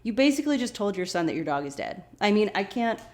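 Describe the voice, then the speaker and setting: A woman's voice: medium pitch, big pitch swings, quick pace, darkish tone. A woman hosting a podcast, recapping a television episode in a casual, opinionated way and acting out the characters' lines. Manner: chatty and opinionated, laughs often, acts out characters' lines. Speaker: podcast host.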